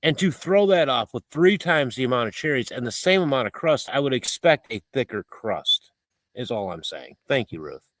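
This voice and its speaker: A man's voice: medium pitch, big pitch swings, moderate pace, fairly bright tone, no echo. A man hosting a casual livestream, chatting in a rambling, playful, mock-fussy way as he reads viewer comments. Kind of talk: casual live-stream chat. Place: home, outdoors at night.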